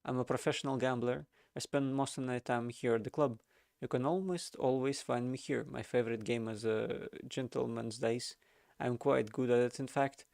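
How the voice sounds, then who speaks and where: A man voicing a proud, boastful gentleman gambler who speaks formally. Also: medium pitch, fairly even intonation, normal speed, vocal fry, few pauses, dry recording, clean studio sound, lightly acted.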